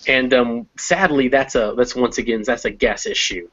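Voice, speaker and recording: Male English teacher, mid pitch, explains slowly with thinking pauses; slightly dull recording. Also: a bit bright. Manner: explains step by step, pausing to think with many ums. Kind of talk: conversational language lesson.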